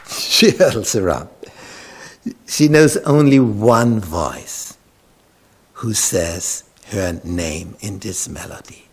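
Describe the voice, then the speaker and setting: A man's voice: lowish voice, animated, slow pace, creaky, long pauses, husky. A male pastor preaching a sermon, retelling scripture dramatically and dropping into whispers. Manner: dramatic storytelling, sudden drops to whispers; repeats words and restarts.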